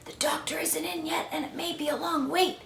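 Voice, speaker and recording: A woman's voice: high-pitched, fairly even intonation, brisk, gravelly, fairly bright tone, reverberant, distant mic, a little hiss or hum, pitched above the performer's own voice. A woman reading a storybook aloud and voicing a male rabbit with a very sore throat, in a strained, whispery voice. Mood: hoarse, polite.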